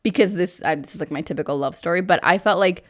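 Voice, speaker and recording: A woman's voice: on the low side, fast talker. A woman co-hosting a book club podcast, retelling the plot in casual chat with lots of "like". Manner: chatty, lots of "like", retells plot with quoted lines. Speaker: podcast co-host.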